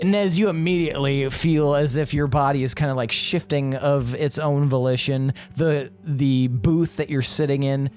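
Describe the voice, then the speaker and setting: Male game master, mid-pitched, casual narrator, faint music bed. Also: steady tone, moderate pace, few pauses, a little mellow. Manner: easygoing, laughs often.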